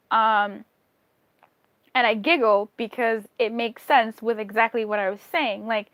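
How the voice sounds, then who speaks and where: A woman's voice: on the high side, fairly bright tone, no echo. A woman giving a casual tarot reading to camera, candid and chatty, swearing freely and giggling between thoughts. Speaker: tarot reader.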